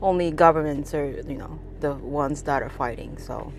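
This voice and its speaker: A woman's voice: low voice, normal speed, background noise. A woman from Japan, a cab driver, telling a casual story with many fillers and restarts.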